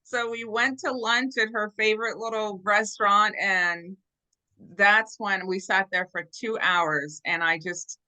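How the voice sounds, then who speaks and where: A woman guest telling her story in an animated, earnest way over a video call. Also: medium pitch, a little slow, low-quality recording. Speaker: interview guest. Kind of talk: casual storytelling.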